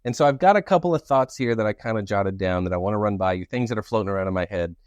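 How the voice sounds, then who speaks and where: A young man co-hosting a podcast in casual chat, playful and jokey with sudden animated outbursts. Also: lowish voice, rapid-fire, no room sound, dull audio. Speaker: podcast co-host.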